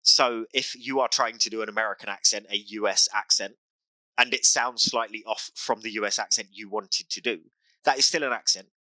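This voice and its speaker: A British man hosts a casual podcast chat, earnest and full of advice, often circling back to restart his sentences. His voice sits a little low but rings very bright. The sound is dry and close. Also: fairly even intonation, a little fast, no room sound, rough recording. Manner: earnest, advice-giving, repeats and restarts phrases. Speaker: dungeon master and podcast host.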